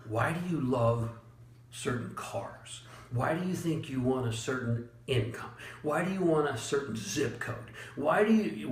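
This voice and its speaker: A man giving a motivational talk as a leadership coach, blunt and emphatic, chuckling often and using dramatic pauses. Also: mid-range voice, roomy sound. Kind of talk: motivational monologue.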